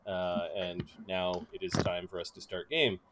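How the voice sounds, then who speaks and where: A man's voice: low voice, flat delivery, unhurried, noisy background. A man hosting and running a tabletop game, chatting casually with lots of fillers. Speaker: game master and host.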